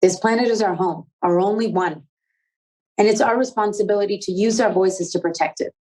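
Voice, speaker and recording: Over a rough recording, a young adult woman presents with upbeat eagerness as host of a youth conversation, reading scripted lines and asking casual questions. She talks fairly quickly in a mid-range, darkish voice.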